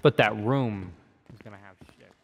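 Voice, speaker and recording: A young man talking quietly and casually during a crime roleplay game, laughing easily. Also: fairly low pitch, normal speed, dull audio. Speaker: roleplay partner. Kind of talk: casual in-character game chat.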